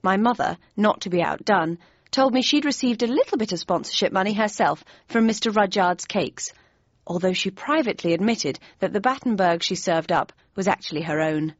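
A woman's voice: medium pitch, dry recording, muffled recording. Woman narrating a wry story. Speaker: audiobook narrator. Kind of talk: scripted narration.

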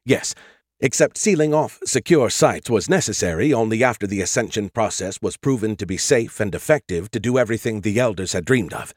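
A man's voice: fairly low pitch, expressive, a little fast, no echo, studio quality. A man voicing a condescending, know-it-all male AI in an audiobook, lecturing and sarcastic. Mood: explaining. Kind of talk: audiobook character voice.

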